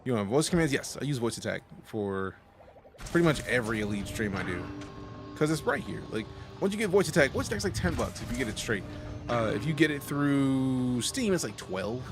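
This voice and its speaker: A man's voice: mid-range voice, brisk, over music. A man streaming a space game, chatting casually in slang with his viewers and giving voice commands. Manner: animated, slangy, talks to chat and voice commands. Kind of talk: casual live-stream chat.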